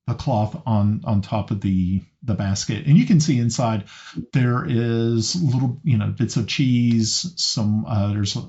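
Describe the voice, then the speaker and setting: A man's voice: medium pitch, measured pace, darkish tone. A man narrating as game master of a tabletop game, hesitant and often restarting his sentences. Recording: slightly muffled lo-fi audio.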